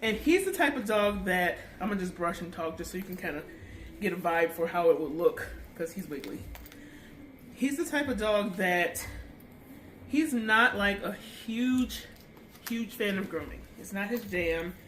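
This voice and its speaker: A woman's voice: medium pitch, lively intonation, measured pace, a bit bright. A chatty woman dog groomer walks through a grooming tutorial, breaking off to coo baby talk at the dog. Her mid-range voice bounces around a roomy space, with a faint hum of background noise. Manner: chatty, coos baby talk at a wiggly dog between explanations.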